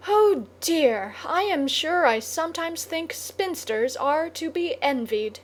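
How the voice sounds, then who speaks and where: A woman's voice: high-pitched, animated, slow, a little hiss or hum, pitched above the performer's own voice. A woman reading the exclaimed lines of a young girl who plays mother to a houseful of boys, in a mock-weary tone. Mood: mock despair. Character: young girl playing mother, fondly exasperated.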